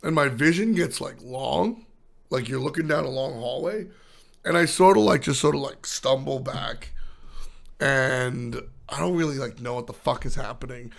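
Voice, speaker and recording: A young man with a hoarse, still-recovering voice, rambling casually to his stream chat, with lots of fillers. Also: mid-range voice, expressive, moderate pace. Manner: rambling, filler-heavy storytelling. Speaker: esports caster streaming to chat.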